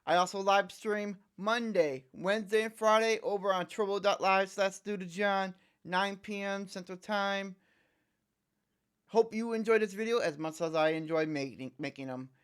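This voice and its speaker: A man's voice: on the high side, smooth, dry recording, studio quality. A man hosting a reaction video, talking casually and rambling, often correcting himself mid-sentence. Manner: rambling, self-correcting, laid-back.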